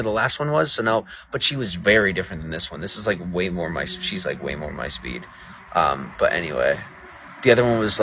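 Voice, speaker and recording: A deep-voiced man talks on a livestream in a crude, profane, fired-up way. There is a faint hum of noise behind him. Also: bright, forceful tone. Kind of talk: casual livestream chat.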